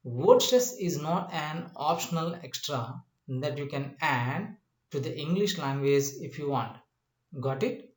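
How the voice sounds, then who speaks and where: A male English teacher giving a spoken lesson, slow and repetitive, often asking if the listener understands. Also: a little high, animated, echoey room. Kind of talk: classroom-style spoken lesson.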